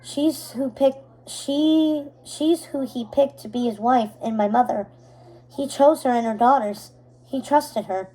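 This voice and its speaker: A woman's voice: sits high, slow pace, warm tone, rough recording. A woman reading a storybook aloud, voicing a dutiful, weary young woman who speaks earnestly. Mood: pleading.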